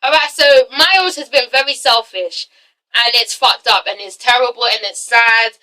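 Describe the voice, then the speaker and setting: A woman's voice: moderate pace, recorded from a distance, rough recording. A young woman reviewing a reality show in a casual vlog, talking emphatically, swearing freely and tagging her sentences with "okay?" and "all right?". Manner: animated, acts out quotes with big pitch jumps.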